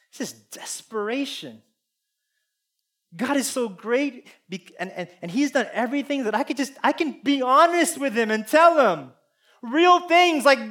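A man preaching a sermon, earnest and confessional, swinging between loud appeals and hushed asides. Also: very high voice, animated, measured pace. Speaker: pastor.

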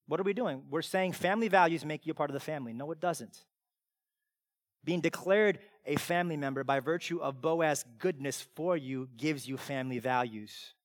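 Man, pastor, very high voice, emphatic sermon, loud and soft swings. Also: no room sound, clean studio sound.

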